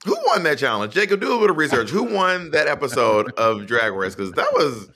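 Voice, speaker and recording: Male podcast co-host, bright forceful tone, playful teasing banter, storyteller. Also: medium pitch, sing-song. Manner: teasing, storytelling, drawn-out phrasing. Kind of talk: casual banter.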